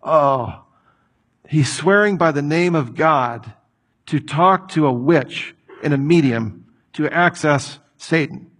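Guy preaching a sermon, kinda husky, gets really animated doing the characters. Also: on the high side, slow. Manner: animated, acts out voices of the people in the story. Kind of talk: expository sermon.

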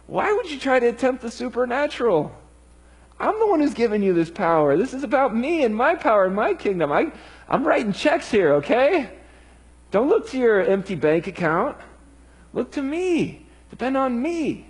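A man's voice: extremely high pitch, sing-song, moderate pace, breathy edge, pitched above the performer's own voice, full character voice. A man voicing Jesus as a patient but frustrated teacher, pleading with his disciples through rhetorical questions.

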